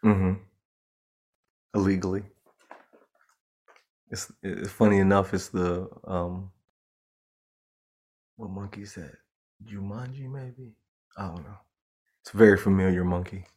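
A man's voice: low voice, fairly even intonation, unhurried, long pauses, darkish tone. A man co-hosting a casual podcast chat, playfully reading out headlines and laughing easily. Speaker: podcast co-host.

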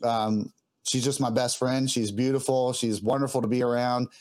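A man's voice: medium pitch, fairly even intonation, moderate pace, a little mellow. A man, a guest musician, telling a personal story in an earnest, heartfelt way, often stopping and restarting as he gets emotional.

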